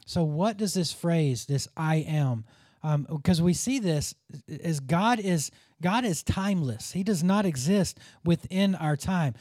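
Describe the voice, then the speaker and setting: A man with a fairly high voice teaches through a Bible passage in an earnest, informal way. He thinks aloud and restarts sentences as he goes. The sound is dry and close, with no room ring. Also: lively intonation, unhurried, a little mellow, no room sound.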